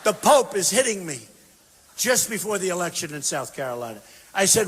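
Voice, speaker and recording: A man giving a campaign rally speech, emphatic and repetitive, swinging between shouted bursts and quiet asides. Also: high voice, big pitch swings, normal speed, slightly rough. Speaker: political candidate speaking at a rally. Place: large university venue. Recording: long reverb from a big hall.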